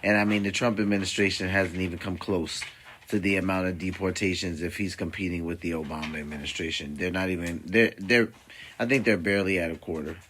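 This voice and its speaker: Chill stream host guy, lowish voice, rambly casual talk. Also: steady tone, a little fast, fairly bright tone, a little hiss or hum. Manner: conversational, rambling, uses many fillers. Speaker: livestream host. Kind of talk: casual reaction stream commentary.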